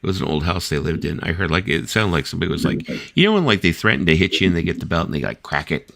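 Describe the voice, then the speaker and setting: A man in his fifties hosts a casual late-night chat, racing through rambling stories packed with "like" and "you know" and acting out the voices of the people he quotes. His deep voice is gravelly, fairly bright, and very animated, recorded dry.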